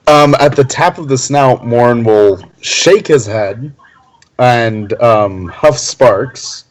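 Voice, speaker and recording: A man at a tabletop game, narrating his character's moves hesitantly. He talks slowly at a middle pitch. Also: slight background noise, low-quality recording. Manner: hesitant, many "um"s. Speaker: player.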